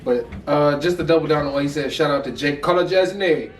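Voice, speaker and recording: A man's voice: a little high, fairly quick. Candid, profane American man, echoey room. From United States. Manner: candid, profane, loose chatter. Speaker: podcast co-host. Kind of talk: casual sports analysis chat. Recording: echoey room, mic far off.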